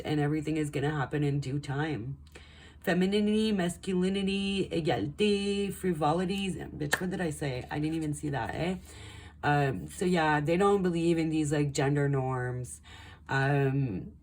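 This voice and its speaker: A woman's voice: sits low, a little mellow. A young woman giving a casual pick-a-card tarot reading, rambling and chatty with lots of ums and likes. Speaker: tarot reader.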